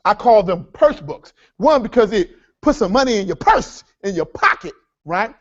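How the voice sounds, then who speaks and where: A man leading a live workshop seminar, energetic and repetitive, with a preacher-like cadence as he addresses the audience as folks. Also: high voice, normal speed, muffled recording. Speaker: workshop speaker.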